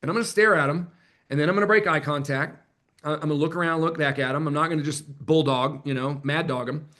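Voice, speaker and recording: A man running a live online sales training, chatty and energetic, joking about himself as he coaches. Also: on the high side, fast. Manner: energetic, chatty, self-deprecating. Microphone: computer mic on a video call.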